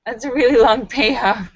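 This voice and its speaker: A woman hosting a live stream, reading viewers' jokes aloud and acting out the voices with giggly, animated delivery. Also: a little high, breathy edge, no room sound, muffled recording. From Los Angeles area.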